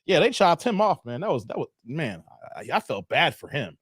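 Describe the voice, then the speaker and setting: A man's voice: fairly high pitch, sing-song, brisk, husky, no room sound, clean studio sound. A man hosting a casual live stream, chatting loosely with viewers, answering their comments and often tossing in "man". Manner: brash and defiant toward critics.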